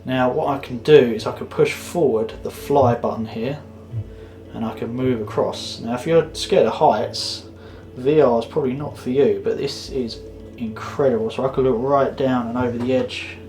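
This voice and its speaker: A man's voice: mid-range voice, steady tone, moderate pace, a little mellow, soft background music. A man giving a casual photography tutorial to camera, chatty and loose, with plenty of fillers and restarts. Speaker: photography vlogger.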